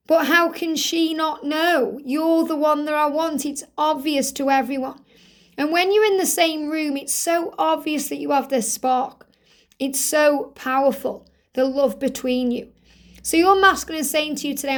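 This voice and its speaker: A woman with a slightly croaky throat, giving an earnest spiritual card reading and relaying messages in the first person. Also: high-pitched, measured pace. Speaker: tarot reader.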